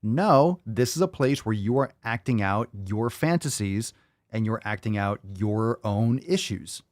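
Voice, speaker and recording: A man's voice: fairly low pitch, animated, unhurried, no echo. A man hosting a show, reacting to video clips with blunt, profane, mocking commentary.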